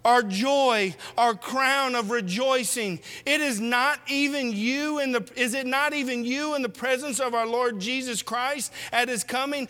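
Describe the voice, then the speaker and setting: A man's voice: very high voice, sharp tone. A man preaching a sermon, exhorting his congregation with rhetorical questions. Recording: long hall reverb.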